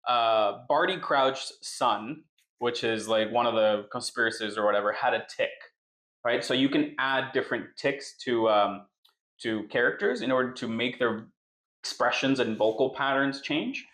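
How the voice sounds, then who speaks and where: A man's voice: mid-range voice, moderate pace, fairly bright tone, reverberant. A man co-hosting a podcast, explaining in a casual chat and tagging his points with "right?". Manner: explains with many "right?" tags. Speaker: podcast co-host.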